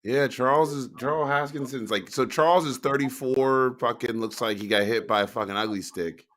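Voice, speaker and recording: A man's voice: mid-range voice, normal speed, a bit bright. A man co-hosting a casual talk show, telling stories in a laid-back, profane way. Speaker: podcast co-host. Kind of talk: casual chat.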